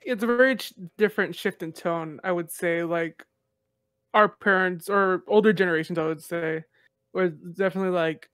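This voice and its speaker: A podcast co-host speaking softly and sincerely. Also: medium pitch, normal speed, clean tone, no room sound, clean studio sound. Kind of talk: casual podcast chat.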